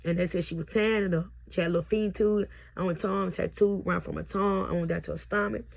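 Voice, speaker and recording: A woman's voice: fairly low pitch, fairly even intonation, quick pace, creaky. A young mother recording herself on camera as she tells a heartfelt, repetitive birth testimony. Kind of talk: emotional personal testimony. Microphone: self-recorded on camera.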